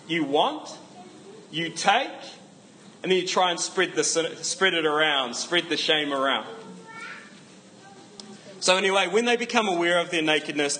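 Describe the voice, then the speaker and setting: Nz guy preaching casual, kinda high voice, jokes around, repeats stuff for punch, bit of hiss behind. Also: sharp tone, low-quality recording. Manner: conversational, joking asides, emphatic repetition. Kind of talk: casual sermon.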